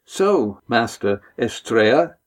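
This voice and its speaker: A man's voice: medium pitch, big pitch swings, takes it slowly. A man voicing a usually meek young sailor, speaking earnestly.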